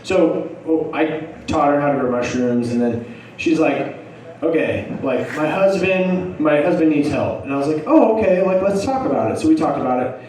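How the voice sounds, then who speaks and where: A man's voice: fairly high pitch, normal speed, a little mellow, recorded from a distance. Echoey, hyper storytelling man. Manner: hyper, laughing, acts out quotes. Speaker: comedian telling a story. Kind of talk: storytelling stand-up.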